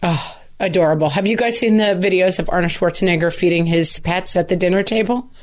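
A woman in her forties co-hosting a podcast, telling stories in a playful, animated way. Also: on the low side, brisk. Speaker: podcast co-host. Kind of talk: casual chat.

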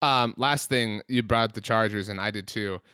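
A man co-hosting a sports podcast, arguing his points in an animated, ranting way and filling his talk with "like". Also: lowish voice, moderate pace, clean tone, no echo. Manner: animated, ranting, heavy use of "like". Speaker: podcast co-host. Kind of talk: casual sports debate.

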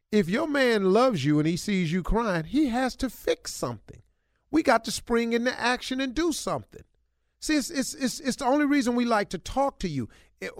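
A middle-aged male radio host hands out relationship advice in a preachy, emphatic voice, hammering points home by repeating them. His voice sits high for a man. The sound is dry and close, with no room around it. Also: no echo. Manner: preachy, emphatic, colloquial, repeats himself for punch. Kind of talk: animated advice talk.

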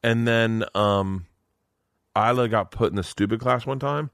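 A man's voice: mid-range voice, measured pace, clear, resonant tone, no echo, studio quality. A middle-aged man, a comedian, telling stories in a casual chat and acting out other people's lines in raised voices. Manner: animated storyteller, acts out quotes in raised voices. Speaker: guest comedian.

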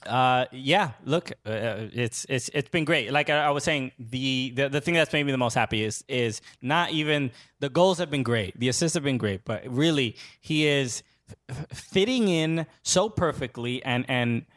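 A man co-hosting a casual sports talk stream, speaking haltingly with many restarts and fillers. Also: medium pitch, lively intonation, a bit bright. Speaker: podcast co-host. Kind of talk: casual chat.

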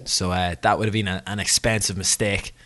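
A man's voice: low voice, little pitch movement, brisk, bright, forceful tone. A man co-hosting a podcast, chatting casually in a rambling, jokey way and correcting himself as he goes. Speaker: podcast co-host. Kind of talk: casual chat.

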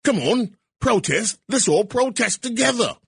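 A whiny, mock-earnest protester pleads in a voice pitched well above its speaker's normal range, as a man sarcastically puts it on. The tone is husky and the sound is close and dry. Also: lively intonation, measured pace, fairly bright tone, no echo, exaggerated voice. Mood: mocking pleading.

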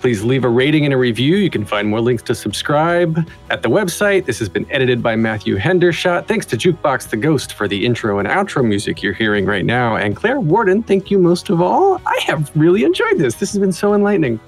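A man with a mid-range voice hosting an interview podcast. He asks questions warmly and praises his guest with enthusiasm. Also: mid-range voice, big pitch swings, brisk, hardly any pauses, faint music behind. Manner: enthusiastic, appreciative. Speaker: podcast host.

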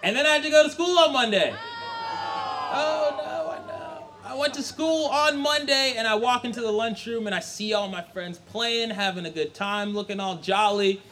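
A young man from Brooklyn tells a comic story to a live audience. His voice sits very high and sounds bright and forceful. He acts out the family voices with animated delivery and laughs often as he goes. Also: a little fast, few pauses, some chatter behind, a little hiss or hum. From Brooklyn, New York. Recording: live stage mic.

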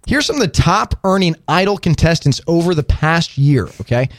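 A man's voice: a little high, lively intonation, moderate pace, no echo. A man hosting a casual studio talk show, chatty and stammering through restarts. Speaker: host. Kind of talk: casual podcast chat.

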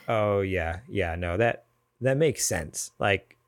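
A man's voice: on the low side, expressive, takes it slowly, creaky, dry recording. A man co-hosting a gaming podcast, chatting loosely and reading news items aloud. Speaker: podcast co-host. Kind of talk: casual gaming news chat.

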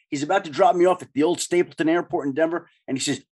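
A man in his fifties hosting an interview, swapping animated stories with his guest. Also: on the high side, quick pace, hardly any pauses, breathy edge. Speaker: podcast host, former sportswriter. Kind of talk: casual interview chat.

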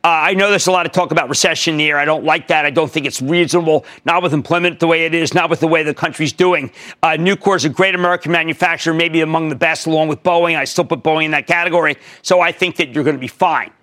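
A man hosting a TV stock market show, giving emphatic commentary and taking calls, jumping from loud high bursts to low asides. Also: steady tone, fast talker. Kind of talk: energetic market commentary and call-in.

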